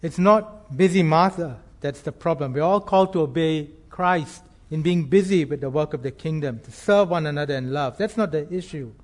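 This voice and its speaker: Earnest higher-pitched male preacher. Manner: earnest, measured, slows to stress key phrases. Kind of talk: sermon.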